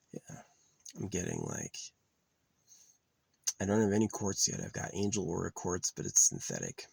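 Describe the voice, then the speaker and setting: A man's voice: low voice, gravelly, slightly rough, no echo, poor audio. A man vlogging in a casual, rambling monologue, talking off the cuff with plenty of profanity.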